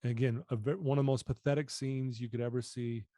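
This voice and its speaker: A man's voice: medium pitch, steady tone, fast talker, dark tone, dry recording, studio quality. A middle-aged man telling his own story as a podcast guest, earnest and candid, often repeating words as he goes. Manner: earnest, candid, repeats phrases while confessing. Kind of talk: storytelling in an interview.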